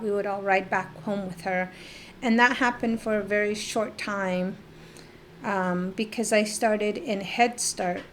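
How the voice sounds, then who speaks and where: Middle-aged woman from northeastern Arizona, interview guest; unhurried, reflective, halting delivery, mid-pitched voice. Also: slight background noise. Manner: slow, reflective, halting with pauses and fillers. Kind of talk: personal life-story interview.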